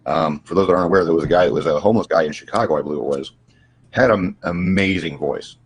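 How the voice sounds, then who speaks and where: A man on a casual livestream call who talks with a slight stutter and halting restarts. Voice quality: husky, deep, smooth voice. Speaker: guest.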